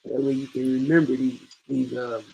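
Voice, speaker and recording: A man's voice: mid-range voice, level tone, moderate pace, vocal fry, warm tone, slightly rough, lo-fi sound. A man teaching an online class, patiently drilling each point and repeating it step by step.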